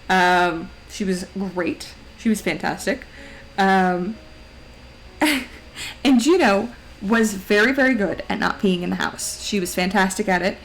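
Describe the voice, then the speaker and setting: A woman's voice: mid-range voice, fairly bright tone, slight background noise, rough recording. A woman streamer chatting casually and giggling, often baby-talking to her dog. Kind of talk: casual chat.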